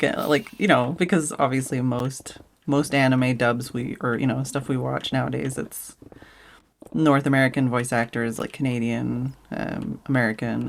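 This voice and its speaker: A woman's voice: a bass voice, gravelly, a little hiss or hum. A woman streamer chatting casually on a live stream, rambling and giggly, full of fillers and restarts. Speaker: streamer host.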